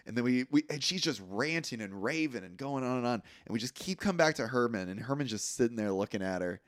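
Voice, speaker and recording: A young man co-hosting a podcast, recapping a film in a casual, animated and profane way. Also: mid-range voice, fast talker, no room sound, studio quality. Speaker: podcast co-host.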